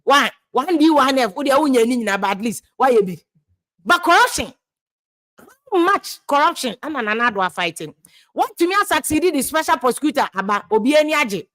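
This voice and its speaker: A woman's voice: high-pitched, big pitch swings, brisk, fairly bright tone. A woman with a Ghanaian accent giving passionate political commentary, switching between English and Twi and repeating words for emphasis.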